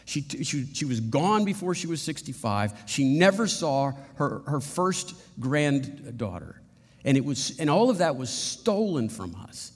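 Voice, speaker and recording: A middle-aged man preaching a sermon as pastor, earnest and halting, with frequent restarts. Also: on the high side, very animated, husky. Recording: long reverb of a hall.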